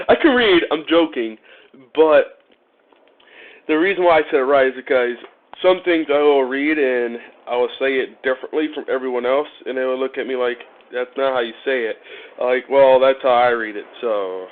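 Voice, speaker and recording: A man's voice: medium pitch, normal speed. Man, laid-back, jokey, chatting to viewers mid-repair, thin phone-like sound. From Ohio, USA. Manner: joking, laid-back, chats to viewers while working, laughs often. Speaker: motorcycle vlogger. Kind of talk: casual live-stream chat while wiring a motorcycle. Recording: phone-like narrow-band audio.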